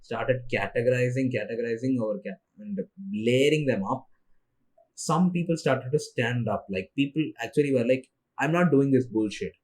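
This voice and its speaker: A young man, a native Tamil speaker, talks alone into his podcast in a loose, rambling way. He sounds tired and sleepy, trails off and restarts his sentences, at an ordinary mid pitch for a man. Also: moderate pace, breathy edge. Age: young adult. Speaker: solo podcast host. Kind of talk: casual monologue.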